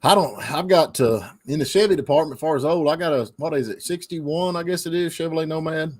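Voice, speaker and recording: A man's voice: fairly high pitch, brisk. A man with a Southern American accent, chatting casually as a radio host. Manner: folksy drawl, chatty. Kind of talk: casual chat on a live stream.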